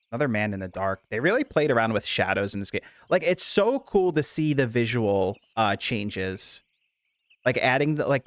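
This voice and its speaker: Animated, giggly male streamer. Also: medium pitch, no room sound. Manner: animated, giggly, chatty with viewers. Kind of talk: casual game stream chat.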